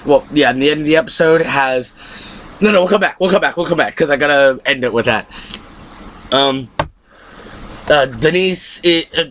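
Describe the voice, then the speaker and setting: A man casually recapping a TV episode, excitable and acting out the characters' lines. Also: fairly high pitch, a little hiss or hum. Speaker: TV show reviewer.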